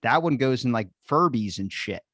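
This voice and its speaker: A man's voice: medium pitch, animated, moderate pace, fairly bright tone, no echo, studio quality. A man chatting casually as a podcast guest, cracking jokes and swearing. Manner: wisecracking, profane. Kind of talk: casual chat.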